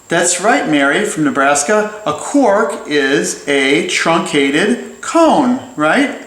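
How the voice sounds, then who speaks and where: A man with a slightly high voice talks through a drawing lesson in a playful, chatty way, tossing in jokey asides as he sketches. His voice rings in an echoey room. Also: very animated, takes it slowly, a bit bright. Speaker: drawing teacher.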